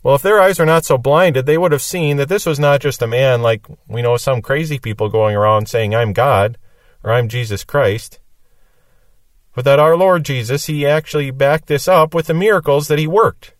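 A man's voice: fairly high pitch, fairly quick, hardly any pauses, no echo, distant mic. A man teaching through a Bible passage verse by verse, reading each verse and then explaining it. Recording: dry sound from off the mic.

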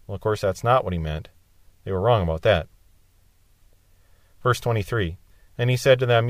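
With a voice on the low side and long pauses at a normal speed, a man works through a Bible passage verse by verse, giving plain explanations and lifting his voice on the quoted lines for emphasis. It's a dry, studio-quality recording.

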